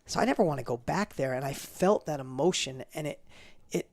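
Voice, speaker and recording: A middle-aged man telling a personal story in an interview, fast and emphatic, acting out the dialogue he quotes. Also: a little high, expressive, vocal fry, a little mellow.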